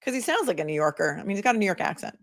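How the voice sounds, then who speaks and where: A woman's voice: mid-range voice, sing-song, rapid-fire. A woman, an attorney, hosting a casual livestream, chatting and laughing often as she reads viewer comments aloud.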